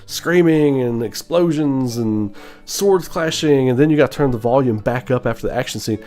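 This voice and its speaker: A man's voice: medium pitch, fairly quick, darkish tone, soft background music. A man hosting his channel, ranting casually and animatedly, swearing and mimicking mumbled voices. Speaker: channel host. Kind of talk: casual opinion rant.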